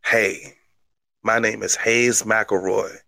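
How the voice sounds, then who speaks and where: A man's voice: fairly low pitch, fairly even intonation, slow, creaky, pushed and bright, no echo, pitched below the performer's own voice, exaggerated voice. A man playing a cocky, self-hyping wrestler, delivering an overblown mock-serious promo.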